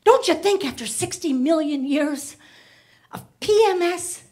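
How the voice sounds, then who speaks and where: A woman performing a stand-up comedy set on stage, chatty and quick to slip into voices for characters. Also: very high-pitched, animated, a little mellow. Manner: chatty, rapid shifts into voiced asides. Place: comedy club stage before a laughing audience.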